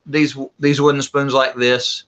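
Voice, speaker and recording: A man's voice: mid-range voice, level tone, unhurried, a bit bright. A man co-hosting a homestead livestream in a casual, folksy way, answering viewer questions. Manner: easygoing, folksy, reads viewer comments aloud. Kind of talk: casual live-stream chat.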